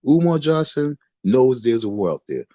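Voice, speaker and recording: A man's voice: mid-range voice, sing-song, moderate pace, mellow, no room sound, lo-fi sound. A man hosting a livestream from his bedroom, talking into a phone in a defiant, repetitive, sermon-like way. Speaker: livestream host. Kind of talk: casual preachy livestream rant. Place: bedroom in the dark.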